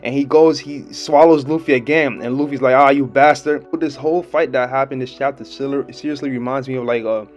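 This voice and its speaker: A young man talks through a comic chapter in a loose, excited, slangy way, laughing as he goes. His voice sits at an ordinary middle pitch. Faint music plays behind him. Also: brisk, few pauses. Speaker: manga chapter reviewer. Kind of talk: casual video review.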